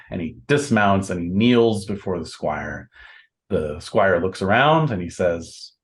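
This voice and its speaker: A man narrating as game master of a tabletop game, unhurried, with many fillers and restarts. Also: deep voice, animated.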